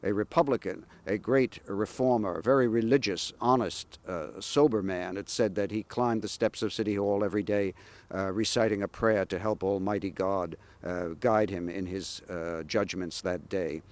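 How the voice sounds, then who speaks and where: A man sharing historical anecdotes about local politicians in a measured, pausing way. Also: lowish voice, steady tone, a little mellow. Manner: measured, anecdotal with frequent "uh" pauses. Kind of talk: historical storytelling.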